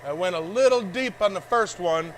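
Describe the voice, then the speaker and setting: A blacksmith chats casually on a live stream while he works in his metal forge workshop, rambling in an easygoing way and chuckling often. His voice sits high and moves at a moderate pace, with a little hiss or hum in the background.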